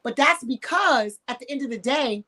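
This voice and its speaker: A woman on a radio talk show tells her stories with emphasis and acts out what people said. Her voice sits a little high, and her talk is blunt and full of slang. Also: moderate pace. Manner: emphatic, animated storytelling with acted-out quotes; frank, uses slang. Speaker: sexologist guest. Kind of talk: candid radio conversation.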